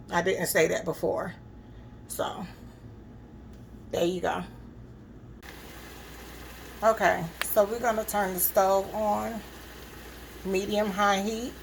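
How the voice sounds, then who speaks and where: A woman's voice: mid-range voice, vocal fry, a little hiss or hum, rough recording. A woman giving a casual cooking demonstration in her home kitchen, chatting to viewers and checking in with "okay?" as she goes. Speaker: cooking vlogger.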